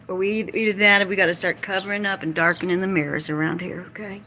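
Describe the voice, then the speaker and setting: A woman's voice: medium pitch, fairly even intonation, quick pace, pushed and bright, a little hiss or hum. Folksy Southern woman rambling on a livestream. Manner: folksy, joking, salty and talkative. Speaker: vlogger. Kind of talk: casual rambling livestream chat. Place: outdoors by a lake.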